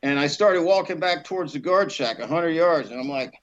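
Animated man telling a lively story. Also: a little high, a little fast, lo-fi sound. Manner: lively anecdote teller, acts out voices, laughs often. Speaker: actor guest.

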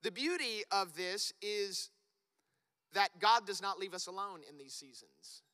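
A man preaching a sermon as pastor, animated and rising to loud, emphatic peaks. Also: on the high side. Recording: long reverb of a church hall.

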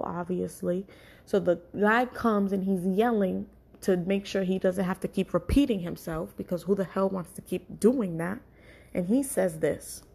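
Husky, fast-talking young woman telling a story. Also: mid-range voice, darkish tone. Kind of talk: casual storytime.

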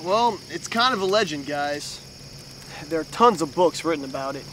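A man's voice: a little high, expressive, moderate pace, a bit bright, slight background noise. An actor playing a young man telling a horror legend around a campfire, with mock-ominous delivery, from a film. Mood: deadpan. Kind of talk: film dialogue.

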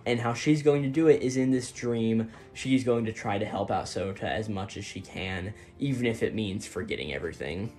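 A man's voice: medium pitch, a little mellow. A man casually recapping manga chapters in a rambling way, with lots of fillers, and paraphrasing the characters' lines in light voices. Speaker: host.

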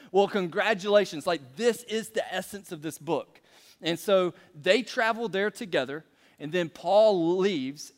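A man's voice: high voice, in a large hall. A man preaching a sermon in a casual, joking way, peppering his talk with fillers and stories. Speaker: pastor.

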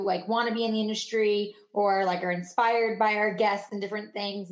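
A woman hosts a podcast interview, feeling her way through questions with lots of "um" and "like," then praising her guest. Her voice is middle-pitched. She sounds like she is in an echoey room. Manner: halting, searching for words, warm praise. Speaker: podcast co-host. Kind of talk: casual interview chat.

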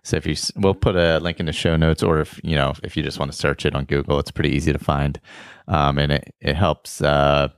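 A man hosting a casual podcast, reading out listener shout-outs in a relaxed, rambling way with many fillers. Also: rumbling low, fairly quick, few pauses, clean tone, dry recording, studio quality. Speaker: podcast host.

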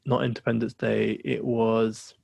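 A man's voice: mid-range voice, flat delivery, measured pace, creaky, darkish tone, no room sound. A man co-hosting a podcast in casual chat, rambling with fillers and restarts. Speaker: podcast co-host.

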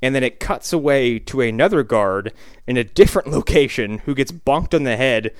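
A man co-hosting a loose film podcast, walking through scenes with wry jokes and casual swearing. His voice is smooth and resonant. The sound is dry and close to the mic. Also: mid-range voice, lively intonation, normal speed, no room sound. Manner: wry, joking play-by-play with asides. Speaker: podcast co-host.

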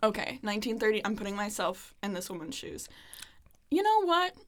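A woman co-hosting a podcast in casual chat, playful and quick to laugh. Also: mid-range voice, very animated. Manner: laughs a lot, playful comebacks. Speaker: podcast co-host.

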